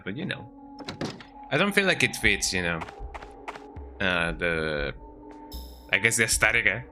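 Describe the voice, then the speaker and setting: A man giving rambling, chatty gameplay commentary at home, often tagging his sentences with "eh?". His voice is bright and forceful, with a low but lively pitch that swings around a lot. Faint game music plays in the background. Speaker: streamer. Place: home, at a computer.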